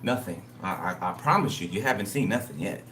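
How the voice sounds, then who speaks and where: A man's voice: sits low, expressive, fairly quick, bright, forceful tone, echoey room, recorded from a distance, slight background noise. A man giving a casual spiritual reading. He talks bluntly and emphatically, repeats himself, and swears freely. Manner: blunt, repetitive, profane. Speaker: tarot reader.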